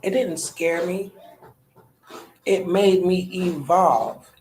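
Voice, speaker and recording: A woman's voice: fairly low pitch, extremely slow, darkish tone, roomy sound, slight background noise, rough recording. A woman in her thirties, a podcast host, talking candidly in a personal monologue, colloquial, often trailing off and restarting. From United States.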